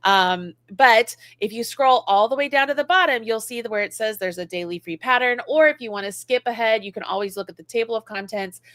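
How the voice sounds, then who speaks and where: A middle-aged woman from the United States co-hosting a casual live-stream chat, talking in an animated way and acting out critics in a high voice. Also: a little fast, few pauses, no room sound. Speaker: co-host, knitting and crochet designer.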